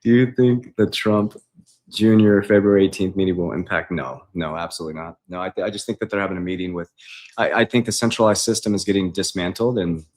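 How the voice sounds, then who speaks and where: Low-voiced man chatting on a livestream. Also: steady tone, quick pace, a little mellow. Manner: loose, chatty, often says "man", reads viewer comments aloud. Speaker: investing coach. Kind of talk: casual livestream Q&A. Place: home kitchen.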